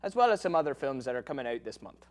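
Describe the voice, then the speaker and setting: A man's voice: medium pitch, very animated, quick pace, a little mellow. A young man introducing the show, speaking in a put-on Irish accent. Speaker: show host.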